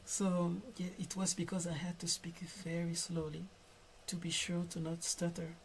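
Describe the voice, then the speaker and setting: A man with a French accent chatting casually on a live stream while he draws, soft and careful, stuttering at times. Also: on the high side, completely flat delivery, normal speed, slight background noise. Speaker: digital artist live-streaming.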